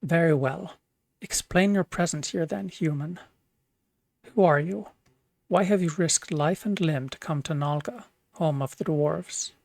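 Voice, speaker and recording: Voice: medium pitch, unhurried, creaky, darkish tone, no room sound. A streamer voicing a proud, suspicious dwarf chieftain while reading game dialogue aloud, scornful in manner. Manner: scornful, mocking laughter.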